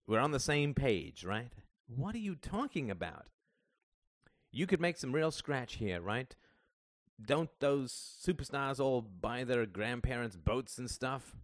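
A man's voice: mid-range voice, very animated, a little slow, no echo, studio quality, voice pushed up. A man reading the part of a middle-aged father who rambles, wheedles and swears, worried about money. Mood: wheedling.

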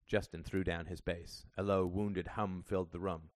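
A man's voice: low voice, little pitch movement, moderate pace, hardly any pauses, dry recording, studio quality. A man reading a novel aloud as an audiobook narrator, in plain storytelling manner. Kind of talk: scripted narration.

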